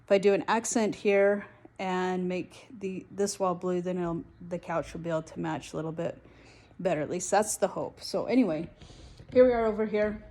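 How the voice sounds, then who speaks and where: A woman's voice: lowish voice, moderate pace, mellow. A middle-aged woman giving a casual, rambling how-to walkthrough of fixing walls in her home. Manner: chatty, rambling, self-deprecating. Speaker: home DIY vlogger. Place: home interior, room being renovated. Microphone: handheld phone or camera on tripod.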